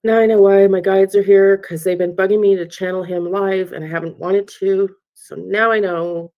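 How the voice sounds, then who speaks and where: A woman working as a psychic medium in a live spirit-channeling session, speaking haltingly, repeating herself and often dropping to a whisper. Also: mid-range voice, fairly even intonation, lo-fi sound.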